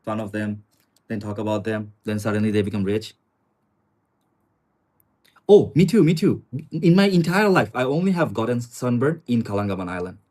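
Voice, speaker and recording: With a lowish, darkish voice full of big pitch swings, a young Chinese man chats on a live stream from his small studio apartment with a river view. He speaks at a moderate pace and pauses often. Chatty in manner, he addresses viewers as "guys" and answers chat comments.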